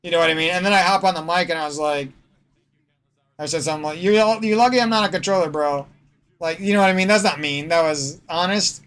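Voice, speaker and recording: A man with a Midwestern American accent and a slightly nasal voice that sits a bit high for a man. He rambles through a profane gaming vlog rant, breaking off and restarting his sentences as he goes. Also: fairly even intonation, quick pace, a bit bright, smooth. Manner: profane, rambling, self-interrupting. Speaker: gaming streamer.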